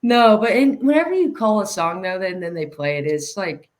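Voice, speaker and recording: A woman's voice: medium pitch, very animated, moderate pace. A woman in her thirties, a podcast guest, telling stories in casual chat, laughing often and restarting her sentences.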